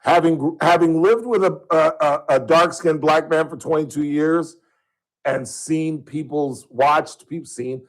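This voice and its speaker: Man, talk radio host, rambling and jokey, slightly higher voice, studio mic. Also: a little slow, poor audio. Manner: rambling, joking, chuckling at his own jokes. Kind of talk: casual talk radio monologue. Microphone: studio microphone.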